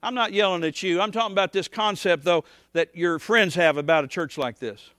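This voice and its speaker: Male pastor, high bright tone, dry close sound, folksy rambling sermon. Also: a little fast, no room sound. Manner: folksy, rambling, swings from soft to shouting.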